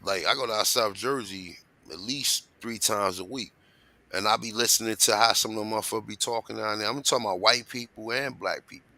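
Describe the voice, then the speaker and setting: A man hosting a casual podcast chat, telling animated, slangy, profane stories. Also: on the low side, fairly quick, no room sound.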